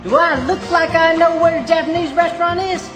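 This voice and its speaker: A whooping redneck wrestler. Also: male voice, very high-pitched, fairly even intonation, brisk. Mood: rowdy. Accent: Southern US. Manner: hollering, whooping drawl. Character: loud hollering Asian redneck wrestler persona, man. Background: music playing.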